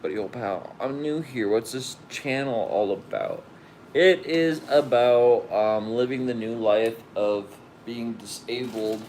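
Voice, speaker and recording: A man's voice: on the low side, a little slow, few pauses, darkish tone, a little hiss or hum, low-quality recording. A young man co-hosting a casual live stream, speaking in a laid-back, hesitant way.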